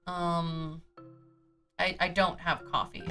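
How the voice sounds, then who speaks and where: A woman's voice: fairly low pitch, animated, slow pace, bright, forceful tone, faint music behind. Goofy woman streamer humming to herself. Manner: goofy, hums and scats to herself while sorting items. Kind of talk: casual gameplay chatter. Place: home streaming setup.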